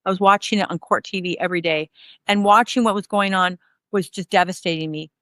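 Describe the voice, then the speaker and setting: A woman in her fifties talks as an interview guest, her voice bright and clear. She rambles through candid stories and acts out the dialogue with lively energy. The recording is close and dry. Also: on the low side, brisk, no echo. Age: 50s. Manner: rambling, animated, acts out quoted dialogue with laughs.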